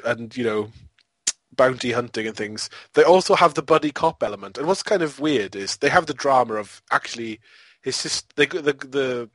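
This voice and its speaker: A man's voice: medium pitch, a bit bright, dry recording. A man co-hosting a podcast, rambling through a film review in a casual, amused way and often breaking into laughter. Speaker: podcast co-host.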